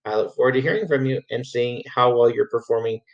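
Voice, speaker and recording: A man's voice: mid-range voice, fast. Patient man explaining a music assignment. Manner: patient, demonstrates rhythms by chanting syllables. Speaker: music teacher. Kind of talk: screen-recorded assignment walkthrough. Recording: slightly dull lo-fi audio.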